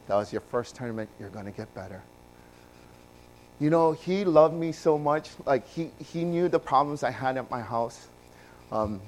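A man from Hawaii, telling his own story in a sermon and swinging between loud bursts and hushed passages. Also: mid-range voice, slight background noise, rough recording.

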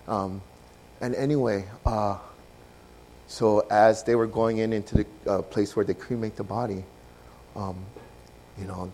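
A man preaching a sermon, telling a story with animated swings up to loud, passionate peaks. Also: fairly low pitch, poor audio.

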